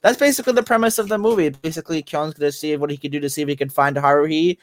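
A man's voice: fairly high pitch, very fast. A man co-hosting a casual podcast, rambling and restarting as he explains. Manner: rambling, repeats words and restarts. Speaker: podcast co-host. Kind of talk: casual chat.

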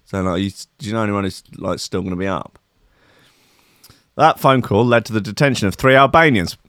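A man's voice: lowish voice, a little fast, a bit bright, no room sound. A man hosting a comic podcast, ranting sarcastically and profanely about news stories. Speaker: podcast host. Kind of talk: sweary comic news rant.

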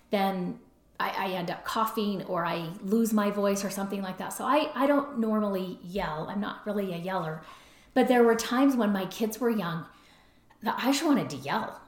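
A middle-aged woman hosting an advice podcast, talking in a relaxed conversational way and often tagging her points with "right?". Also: medium pitch. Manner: conversational, frequent "right?" tag questions. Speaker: podcast host and counselor. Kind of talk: advice talk. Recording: roomy echo.

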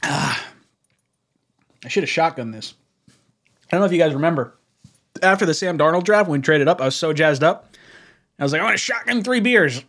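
A young man hosting a casual fan livestream, excitable, laughing often and reading chat messages aloud. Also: on the high side, a little fast, pauses often. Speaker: livestream host.

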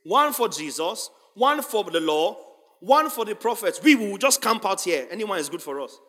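An impulsive, pleading disciple, acted by a man preaching, speaks in a hushed, urgent voice. His tone stays fairly high and bright, and a long hall reverb hangs behind it. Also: big pitch swings, normal speed, exaggerated voice.

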